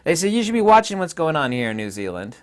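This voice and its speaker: A man's voice: a little high, sing-song, fast talker. A man from the United States talking straight to his viewers in an emphatic, ranting monologue. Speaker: vlogger. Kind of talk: casual monologue to camera.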